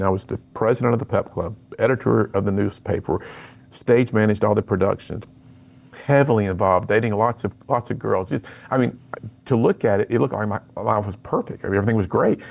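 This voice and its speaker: A middle-aged man, a guest on a radio interview, telling his personal story in an earnest, animated way and acting out the lines he quotes. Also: lowish voice, quick pace, vocal fry. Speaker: radio guest, speaker to students.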